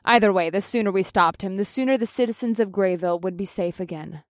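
A woman narrates a first-person audiobook in a plain-spoken way, dropping casual curses. Her voice sits at a middle pitch. The recording is close and dry. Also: quick pace, no echo.

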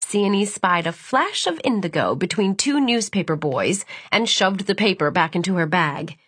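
A woman narrating a novel as an audiobook in a measured, even storytelling manner. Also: mid-range voice, husky, dry recording. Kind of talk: scripted narration.

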